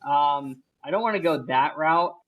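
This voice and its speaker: A podcast co-host, blunt and quick to exclaim and swear. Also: medium pitch, phone-quality sound. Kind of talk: casual chat.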